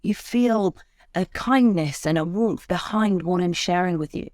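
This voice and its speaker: An expressive woman speaking as a guest on a podcast, her voice sitting fairly low for a woman. She coaches public speakers and changes her tone freely to make a point. The sound is close and dry. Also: unhurried, no echo. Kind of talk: conversational interview.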